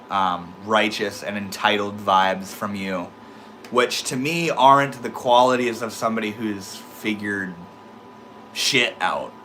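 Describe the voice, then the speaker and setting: A man's voice: lowish voice, pushed and bright, a little hiss or hum. A young man with a slight lisp, talking casually to his livestream chat, laid-back and swearing freely. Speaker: livestream host reading chat.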